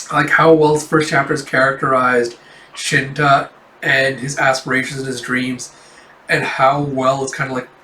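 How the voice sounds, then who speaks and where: A man's voice: medium pitch, pushed and bright. A young man casually reading and reviewing a manga chapter, rambling and filling gaps with "you know" and "like". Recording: roomy, distant mic.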